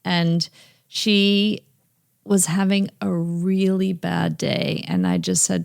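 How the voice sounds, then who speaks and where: A woman's voice: fairly low pitch, expressive, takes it slowly, vocal fry, smooth, no room sound, studio quality. A woman teacher co-hosting a podcast, chatting conversationally and laughing easily. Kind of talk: casual podcast chat.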